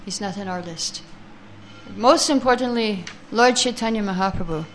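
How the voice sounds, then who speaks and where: Teaching a scripture class, a woman chants verses slowly, then reads their translations, explains them, and takes answers from her listeners. Her voice is medium in pitch, with faint music in the background.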